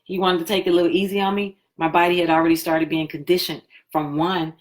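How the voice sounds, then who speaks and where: A woman hosting a live stream, telling her personal story in a chatty, animated way and acting out what people said. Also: on the low side, fast. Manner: chatty, animated, acts out quoted talk.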